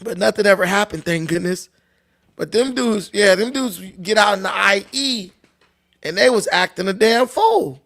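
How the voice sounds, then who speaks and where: A man's voice: high-pitched, moderate pace, creaky, a bit bright. A man from Long Beach, telling profane, laughing stories as a livestream host. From Long Beach, California. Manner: loose, profane, laughing storyteller. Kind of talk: casual storytelling.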